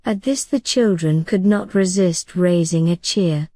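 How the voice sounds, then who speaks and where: A woman narrating an audiobook in a calm, soothing bedtime reading style. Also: on the low side, measured pace, no room sound.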